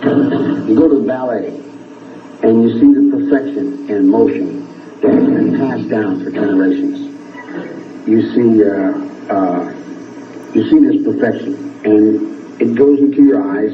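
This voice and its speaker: A man giving long, rambling interview answers that swing from a low drawl to heated outbursts. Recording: archival phone-like TV audio, echoey, distant.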